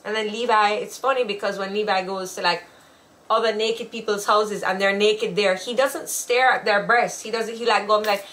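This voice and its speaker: A woman's voice: medium pitch, fairly even intonation, moderate pace, fairly bright tone. A woman, co-hosting a casual chat show and telling stories with frequent laughter. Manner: chatty, laughing storyteller. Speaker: podcast co-host.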